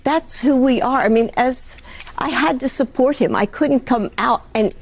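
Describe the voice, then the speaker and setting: A woman's voice: high-pitched, a little slow. An older woman giving a sit-down interview, earnestly recounting and defending what she did. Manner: earnest, explains herself in recounted dialogue. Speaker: interview guest, former first lady.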